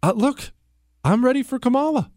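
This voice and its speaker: Animated sarcastic radio host man. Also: extremely high pitch, moderate pace, slight background noise. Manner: sarcastic, animated, mocking impressions. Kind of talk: opinionated talk radio monologue. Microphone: studio microphone.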